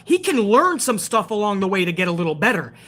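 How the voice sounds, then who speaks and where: A woman's voice: mid-range voice, big pitch swings, fast, fairly bright tone. A woman hosting a show, ranting hard with profanity about wrestling and answering viewers in a live chat. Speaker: show host.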